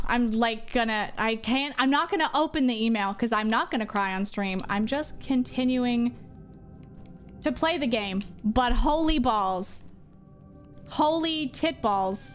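Young woman streamer in her home office, high voice that leaps all over, faint music behind her. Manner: excitable, jokey, swearing, pitch jumping into squeals. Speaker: streamer playing a horror game. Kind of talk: live gameplay commentary.

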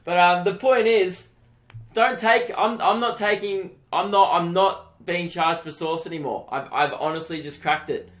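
Ranting Australian man, slightly high. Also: a little slow. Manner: animated ranting, mock outrage, swearing. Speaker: comedian podcast host. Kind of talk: solo comedy podcast rant.

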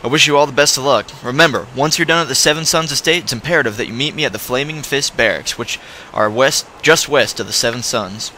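A man's voice: medium pitch, quick pace, a little hiss or hum, close to an everyday voice. Man reading a secretive guard officer. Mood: earnest. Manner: plain, even reading of game dialogue. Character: grave male city guard officer, secretive.

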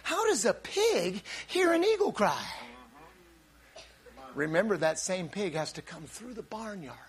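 High, lively male preacher. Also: unhurried. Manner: animated preaching with repeated restarts and occasional shouts. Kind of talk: sermon.

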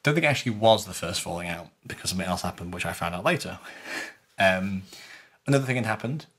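Low husky man telling a story. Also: fast talker. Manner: animated storytelling, acts out quoted voices. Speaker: podcast co-host recounting a LARP. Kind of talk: casual chat.

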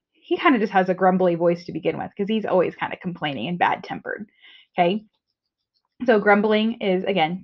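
Friendly woman teacher on a lo-fi recording. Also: mid-range voice. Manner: friendly, explanatory, with frequent "okay"s. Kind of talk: remote reading lesson. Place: home. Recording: dull lo-fi recording.

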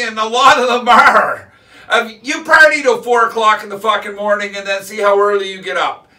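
A man's voice: high-pitched, bright, forceful tone, distant mic, low-quality recording. A man hosting his own video blog, ranting bluntly and angrily with constant swearing. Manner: blunt, angry, heavy swearing. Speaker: vlogger host. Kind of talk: profane ranting monologue.

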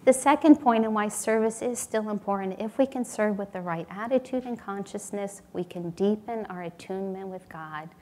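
A woman's voice: medium pitch, moderate pace, few pauses, darkish tone. A woman giving a sermon at a spiritual community temple, earnest and storytelling, acting out little voices in her anecdotes.

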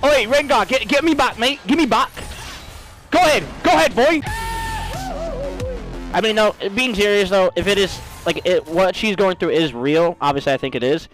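Young guy game streamer, high voice, all over the place, crude and hyped, yells a lot. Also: normal speed, soft background music. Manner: crude, excitable, bursts into shouting. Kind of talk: casual gaming stream chatter.

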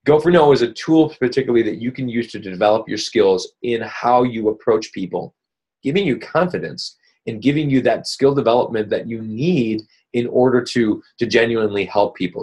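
A man's voice: medium pitch, husky. A man hosting a weekly coaching call, talking casually and upbeat, rambling with many fillers and restarts. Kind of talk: casual motivational coaching talk.

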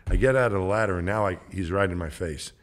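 Man around 60, podcast guest; very low voice; loose, rambling anecdote delivery that acts out quotes. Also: fast talker. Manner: rambling, conversational storytelling with many restarts. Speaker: podcast guest, former astronaut. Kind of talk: casual anecdote telling.

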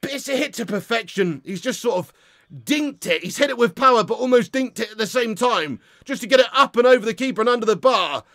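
A man hosting a live football watch-along, commentating as an excitable, swearing fan. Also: extremely high pitch, brisk, no room sound, clean studio sound.

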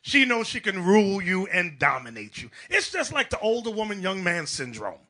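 A man preaching an animated sermon to a congregation, emphatic and mocking, acting out the people in his stories. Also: high voice, moderate pace.

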